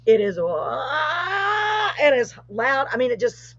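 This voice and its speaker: A middle-aged woman, hosting a live show and telling a paranormal story in a casual, animated way, with rising excitement. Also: fairly high pitch, normal speed, no room sound. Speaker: host. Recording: muffled lo-fi live stream audio.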